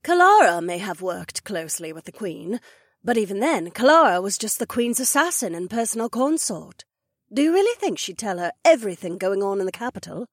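A woman voicing a proud she-wolf duchess who explains things in a measured, serious way. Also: mid-range voice, big pitch swings, no room sound, studio quality. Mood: grave. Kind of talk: audiobook dialogue acting.

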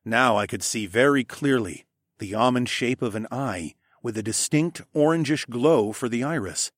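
A man narrating a first-person fantasy audiobook in an expressive way, hushing for dialogue tags. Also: mid-range voice, normal speed, no room sound, studio quality. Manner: expressive, drops to a hush for tags.

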